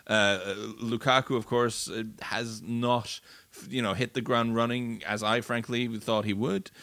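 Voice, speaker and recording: A man's voice: mid-range voice, steady tone, unhurried, fairly bright tone, no room sound. A man breaking down football matches in a casual podcast chat, fluent but often restarting and repeating words. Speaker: football pundit. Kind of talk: casual sports podcast analysis.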